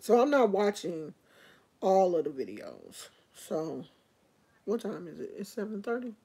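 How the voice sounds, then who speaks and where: A woman's voice: medium pitch, sing-song, a little slow, creaky, dark tone, breathy edge. A woman vlogger in casual chat, rambling and opinionated as she talks to her viewers.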